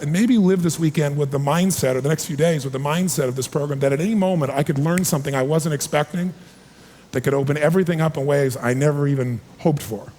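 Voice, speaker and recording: Man in his 40s, motivational speaker, emphatic and energetic, high voice, long hall echo. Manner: energetic, emphatic, calls for audience responses. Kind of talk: live seminar talk to an audience. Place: large hall with a live audience.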